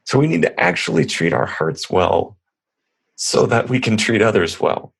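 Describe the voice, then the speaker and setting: A man's voice: on the low side, sing-song, normal speed, creaky, slightly rough. A man in his thirties, a podcast guest, telling stories in a rambling, earnest, casual way. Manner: rambling, earnest, lots of restarts. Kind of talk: casual conversational storytelling.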